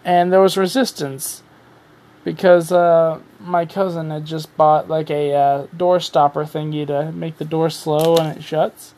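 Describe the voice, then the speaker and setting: A man with a voice pitched a little above the usual, talking alone on his podcast. He sounds tired and rambles loosely, dropping casual swears and running himself down as he goes. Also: flat delivery, measured pace, a little mellow. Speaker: podcast host. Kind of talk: casual solo podcast rant.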